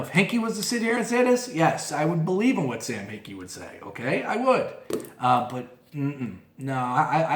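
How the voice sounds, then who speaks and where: A man hosting a casual podcast, giving his opinions in a fired-up monologue with lots of restarts and asides. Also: medium pitch. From moved to Philadelphia as an adult. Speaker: podcast host. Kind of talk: casual sports talk monologue. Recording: roomy echo.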